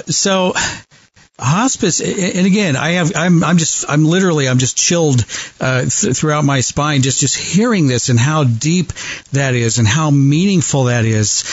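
A man hosting a radio talk show, effusive and halting as he reacts and reads out a phone number. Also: mid-range voice, no echo, highs cut off. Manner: effusive, halting with fillers and restarts.

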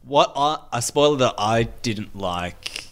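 A man on a casual podcast, calmly giving his take on a film. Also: mid-range voice, slow pace. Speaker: podcast co-host.

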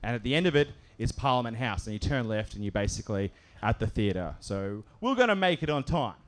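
A man telling a comic story at a live show, animated and often laughing as he acts out other voices. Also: mid-range voice, a little fast, a little hiss or hum.

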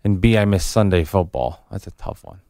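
Animated New man, low voice. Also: fairly quick, no room sound, studio quality. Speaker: radio co-host. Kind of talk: casual studio banter. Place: radio studio.

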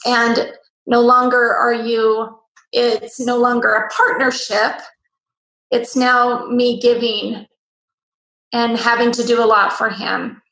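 A woman interview guest telling a personal story in an animated way. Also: on the high side, takes it slowly, roomy sound, poor audio. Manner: lively, acts out quoted voices.

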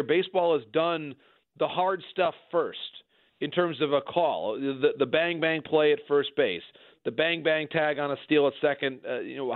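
A man giving measured baseball analysis in a conversational way, often restarting his sentences. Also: fairly high pitch, dry recording. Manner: measured, frequent restarts and repeated words. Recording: dry, phone-like line.

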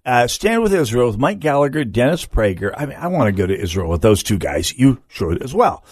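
A man hosting a political talk radio show, emphatic and quick to restart his sentences. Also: mid-range voice, breathy edge, no echo, clean studio sound. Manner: animated, emphatic, frequent restarts. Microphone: studio microphone.

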